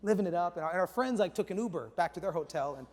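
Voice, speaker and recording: A man in his forties, a pastor preaching a sermon with chatty, animated storytelling and casual slang. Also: sits high, rapid-fire. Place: church auditorium. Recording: echoey large church hall.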